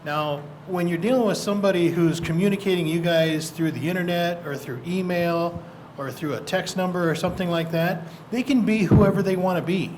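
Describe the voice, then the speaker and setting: A man's voice: high voice, normal speed, slight background noise, poor audio. A man, a police officer on a community panel, explaining casework in a dry, matter-of-fact way. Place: church hall.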